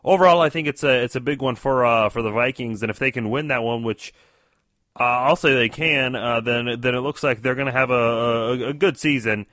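A man calling in to a sports show, talking through his opinions with a bright, forceful tone. He hesitates a lot and restarts his sentences. The sound is dry and close, with no room around him. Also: mid-range voice, fairly quick, no echo. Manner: hesitant, many fillers and restarts. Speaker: caller, fellow show host. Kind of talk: casual phone-in sports commentary.

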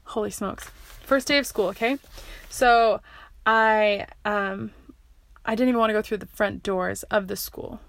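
A woman's voice: medium pitch, steady tone, a little slow, no echo. A woman casually telling a personal story, rambling with many fillers and restarts. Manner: rambling, full of likes and restarts.

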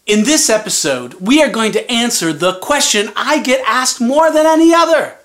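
A woman hosting a storytelling show, narrating an old folktale gently and inviting listeners to sing along. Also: a little high, animated, moderate pace, hardly any pauses, soft background music. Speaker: storyteller and podcast host. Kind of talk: slow spoken folktale narration.

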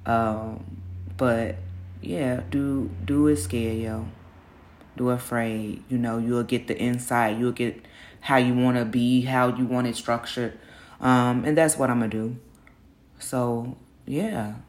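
This podcast host is a middle-aged woman with a very deep voice, running a casual solo show. Groggy from the early hour and openly nervous, she speaks candidly, using slang and pep-talking herself along the way.

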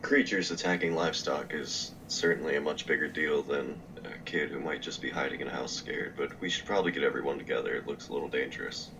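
Male player, very deep and gravelly, practical, distant mic with faint noise. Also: fairly even intonation, fast talker, hardly any pauses. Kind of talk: tabletop role-play chat.

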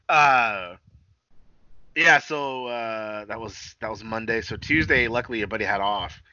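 A man's voice: on the low side, slow, long pauses, sharp tone, dull audio. A young man co-hosting a casual podcast, profane and self-deprecating, laughing often. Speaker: podcast co-host.

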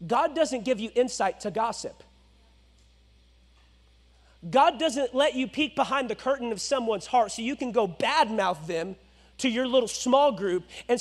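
Very high-voiced male pastor preaching. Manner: dynamic preaching, swinging between loud exhortation and hushed low asides. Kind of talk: sermon.

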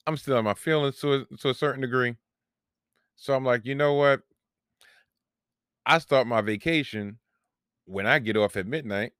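A man's voice: mid-range voice, moderate pace, pauses often, fairly bright tone, smooth, no echo, clean studio sound. A man, hosting a solo podcast and telling a long, rambling, profane story about himself with self-mocking humor. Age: 40s. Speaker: podcast host.

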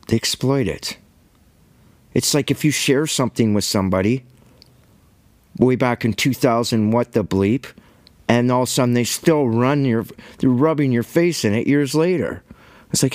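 A man leads an informal bible study, talking casually and animatedly as he acts out the exchanges he describes. His voice sits at a middle pitch and is recorded dry and close, with no room sound. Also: darkish tone, dry recording. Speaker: bible teacher.

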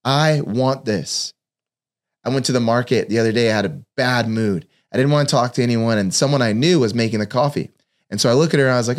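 A man's voice: mid-range voice, fast talker. A man and father giving a personal devotional talk, earnestly telling stories and acting out the voices of the people in them. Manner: earnest storytelling, acts out quoted voices.

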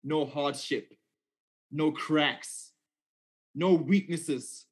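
A man preaching a sermon in a conversational, animated storytelling way, often checking in with "okay?". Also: a little high, extremely slow, slightly rough.

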